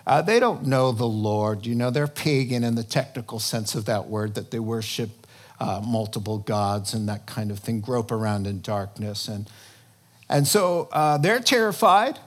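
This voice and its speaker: A man preaching a sermon in an animated, conversational way, breaking into sudden loud emphasis. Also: mid-range voice, moderate pace. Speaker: pastor.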